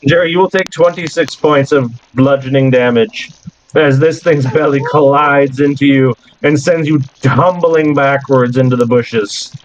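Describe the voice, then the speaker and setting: A man's voice: medium pitch, steady tone, unhurried, muffled recording, a little hiss or hum. A man narrating a tabletop role-playing game as game master, breaking into laughs between rambling descriptions.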